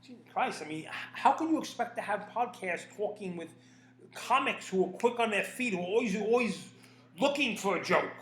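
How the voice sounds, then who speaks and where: Rambling, profane man with a higher voice. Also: animated, brisk, a bit bright. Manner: rambling, profane, stammering repeats. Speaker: commentator. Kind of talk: casual opinion rant.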